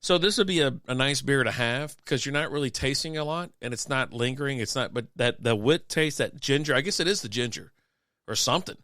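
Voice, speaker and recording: Smooth-voiced man telling rambling stories. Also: mid-range voice, fairly quick, a bit bright, no echo, clean studio sound. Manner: rambling storyteller, profane, laughs often. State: sick with a cough. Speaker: podcast co-host. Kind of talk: casual beer-and-sports chat.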